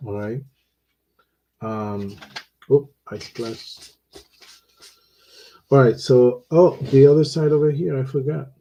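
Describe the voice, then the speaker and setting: A man teaching watercolor, talking through his painting in a relaxed, unhurried way with pauses and fillers. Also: medium pitch, slight background noise, poor audio. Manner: slow, thinking aloud while he paints, with pauses and fillers.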